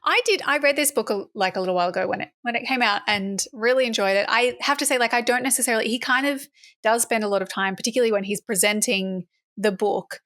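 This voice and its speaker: A woman's voice: on the high side, fast talker, a bit bright, no echo, clean studio sound. A young woman co-hosting a casual political podcast, chatty, laughing often and swearing now and then. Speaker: podcast co-host.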